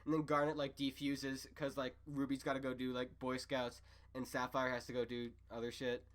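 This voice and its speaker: A man's voice: mid-range voice, completely flat delivery, moderate pace. Rambling young guy recapping a cartoon. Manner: rambling, profane, lots of fillers. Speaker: podcast co-host. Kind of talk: casual chat, recapping a show.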